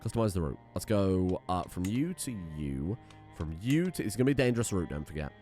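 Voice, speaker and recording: Animated man narrating gameplay. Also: low voice, fairly quick, faint music behind. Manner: thinks aloud, excitable, swears freely. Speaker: let's play host. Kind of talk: casual gameplay commentary.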